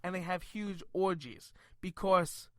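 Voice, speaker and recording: A man's voice: sits high, steady tone, takes it slowly, no room sound. A man co-hosting a comedic radio talk show, chatting and laughing as he relays odd news stories. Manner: chatty, laughs mid-sentence while telling stories.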